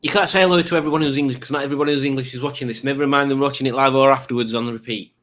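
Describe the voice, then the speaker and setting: A man's voice: mid-range voice, fairly even intonation, racing, fairly bright tone. A man hosting a live stream, chatting casually as he reads out viewer comments, rambling along with wry asides and plenty of fillers.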